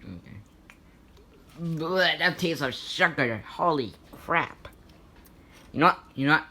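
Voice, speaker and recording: A blustering, hot-tempered customer with a put-on Italian accent, played by a woman. Low and bright-toned, the voice leaps around as the figure rants and threatens in a homemade comedy skit. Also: expressive, full character voice. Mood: indignant. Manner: blustering, quick to rant and threaten. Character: bossy customer hiring a chef, hot-tempered.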